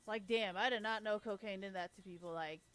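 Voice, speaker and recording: A woman's voice: mid-range voice, fairly quick, fairly bright tone. Blunt, swearing woman streamer. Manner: blunt, heavy swearing, laughs often. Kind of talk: casual profane rant.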